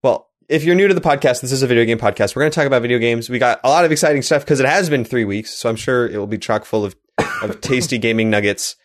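A man's voice: medium pitch, fast talker. A man hosting a casual video game podcast, upbeat and laughing often, speaking into a close mic. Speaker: podcast host.

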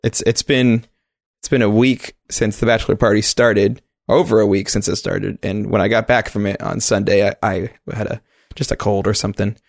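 A man's voice: lowish voice, level tone, moderate pace, vocal fry, dry recording, clean studio sound. A man co-hosting a casual video game podcast while sick with a cold, rambling playfully and correcting himself as he goes. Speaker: podcast co-host.

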